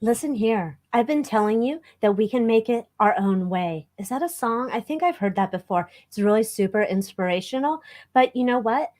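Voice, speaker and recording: A woman's voice: on the high side, expressive, moderate pace, darkish tone, natural voice. A woman playing a brash, bossy wife with a sassy, theatrical delivery.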